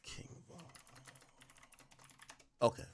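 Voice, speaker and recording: A man hosting a livestream, reacting to a clip in an animated, slangy, profane way and thinking out loud. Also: very slow. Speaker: livestream commentary host. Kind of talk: live-stream reaction commentary.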